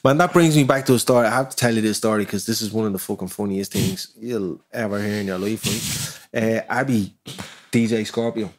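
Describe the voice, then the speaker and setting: A man's voice: lowish voice, fairly quick. A man with a Dublin accent, a rapper guest on a podcast, chatting casually and telling stories animatedly, swearing freely. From Ireland.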